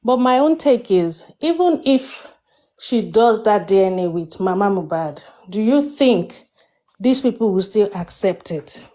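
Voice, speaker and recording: A woman speaking in a measured, polite, questioning way during a live audio chat. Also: mid-range voice, expressive, dark tone. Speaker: participant in a live audio discussion.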